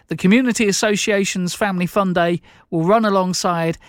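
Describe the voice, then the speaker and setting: A man hosting a local radio show, chatting casually between songs. His delivery is informal, with frequent fillers and quick self-corrections. The studio microphone sound is close and dry. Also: sits high, smooth, dry recording. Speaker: radio presenter.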